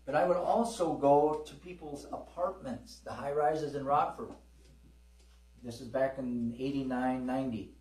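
A middle-aged pastor preaches at a measured pace, his medium-pitched voice steady and darkish. He recounts personal testimonies in folksy fashion, prompting amens from the congregation in call-and-response. Recorded in a roomy church hall from a distant mic, with mains hum.

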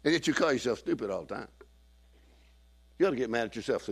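A man preaching a sermon in church, acting out quoted people and swinging from shouting to hushed asides. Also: mid-range voice, expressive, fast talker, slightly rough.

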